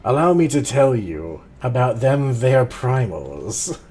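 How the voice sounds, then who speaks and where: A man's voice: medium pitch, very animated, slow pace, darkish tone, a little hiss or hum. A man voicing a male scholar figure as a folksy, drawling southern cowboy, in a put-on American Southern accent.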